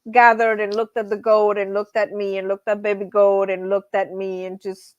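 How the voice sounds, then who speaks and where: A woman's voice: medium pitch, level tone, normal speed, no echo, dull audio. Chatty woman hosting a livestream. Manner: chatty, laughs often, reads out chat names. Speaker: livestream host. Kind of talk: casual livestream chat.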